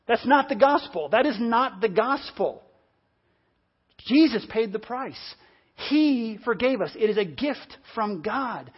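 A preacher in full sermon mode, leaning hard on repeated phrases and dropping from loud, driven emphasis to near-hushed stretches. The voice sits at a middling pitch. The recording is dull and lo-fi, with the top end muffled. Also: expressive, unhurried, husky.

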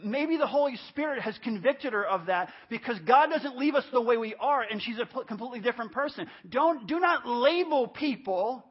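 A man's voice: extremely high pitch, animated, fairly quick, hardly any pauses, husky. A pastor in his fifties preaching a sermon at a church service, emphatic, repeating phrases for stress. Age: 50s. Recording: dull lo-fi church audio.

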